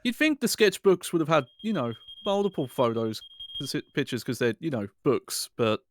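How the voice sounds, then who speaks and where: A man's voice: a little high, very animated, moderate pace, a little hiss or hum. A man chatting casually and critically about a video game as a co-host. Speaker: co-host commentator. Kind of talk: casual gameplay commentary. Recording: music playing behind.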